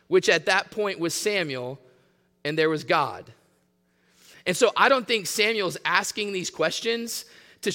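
A man's voice: high voice, pushed and bright, big-room sound. A man preaching a sermon, teaching earnestly and reading scripture aloud. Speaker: pastor.

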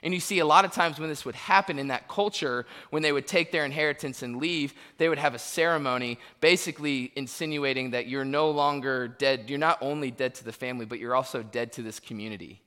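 A man preaching a sermon, telling funny personal stories and acting out the quotes with lively energy. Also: medium pitch, a little fast, hardly any pauses, smooth. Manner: animated, humorous storytelling with acted-out quotes. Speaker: pastor. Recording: long hall reverb.

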